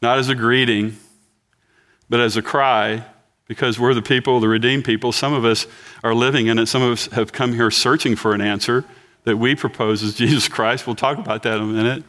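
A man in his sixties gives a sermon in a church at an easy, talky pace. He jokes with the congregation and asks them questions, and his voice sits in a middle pitch. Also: fairly even intonation, brisk, fairly bright tone. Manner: conversational, joking with the congregation. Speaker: pastor.

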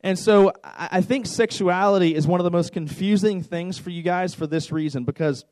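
A man in his thirties gives a youth sermon in a conversational, joking way, often doubling his words as he talks. His voice sits a little high for a man, and the sound is close and dry, with no room echo. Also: darkish tone. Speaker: youth pastor.

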